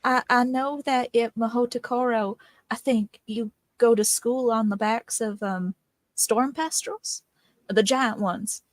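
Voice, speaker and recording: Gentle, hesitant woman player. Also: fairly high pitch, fairly even intonation, slow, no echo, studio quality. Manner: gentle, hesitant, full of ums. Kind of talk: playing a tabletop game.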